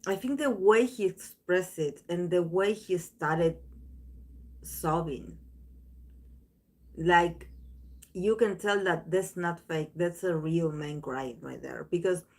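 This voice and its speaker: A woman talks to her viewers in an unhurried, loose chat, drifting between thoughts and restarting her sentences. Her voice sits fairly low, and she takes her time with every phrase. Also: a little mellow. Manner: rambling, many restarts and fillers. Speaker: tarot channel host.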